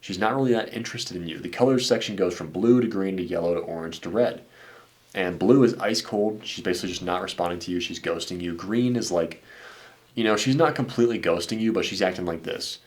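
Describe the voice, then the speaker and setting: A man's voice: sits low, fairly quick, darkish tone. A man coaching on dating, talking bluntly and casually, calling listeners "dude" and "man" and swearing now and then. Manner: blunt and laid-back, says "dude" and "man" a lot, swears. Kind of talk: casual commentary reacting to viewer messages.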